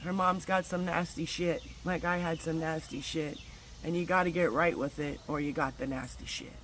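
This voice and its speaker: A woman's voice: low voice, fairly even intonation, moderate pace, a bit bright, slight background noise, poor audio. A middle-aged woman vlogging, telling a personal story candidly, with casual swearing and spiritual talk. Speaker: wellness vlogger.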